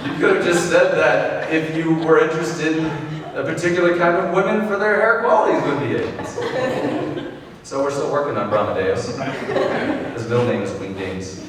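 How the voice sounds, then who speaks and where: A man's voice: fairly high pitch, animated, moderate pace, very noisy. A young man from Texas doing a rambling, self-amused stand-up comedy set on stage. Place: large hall with a live audience. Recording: echoey hall recording from far off.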